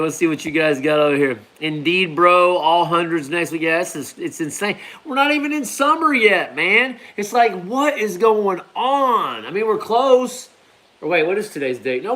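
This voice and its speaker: A man's voice: a little high, fairly bright tone. A man hosting a live stream, talking in a loose, rambling way and calling viewers "man" and "bro". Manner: laid-back, rambling, peppers talk with "man" and "bro". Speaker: hot pepper grower hosting a live stream. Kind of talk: casual live-stream chat.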